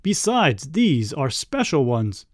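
A playful, eccentric uncle chatters along in a breezy, matter-of-fact way, as a man reading a storybook puts him on. His pitch bounces lively up and down, and the voice sits dry and close to the mic. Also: takes it slowly, no room sound.

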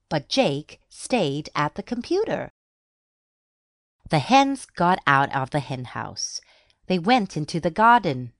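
Slow, expressive woman reading aloud. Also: low voice, no echo, clean studio sound. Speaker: narrator. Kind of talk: children's storybook reading.

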